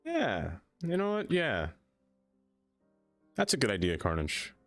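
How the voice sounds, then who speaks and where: A man streaming a game, chatting casually, talking to what he builds and answering chat, quick to exclaim in dismay when things go wrong. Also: medium pitch, huge pitch swings, a bit bright, soft background music. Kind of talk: casual live-stream chatter while playing.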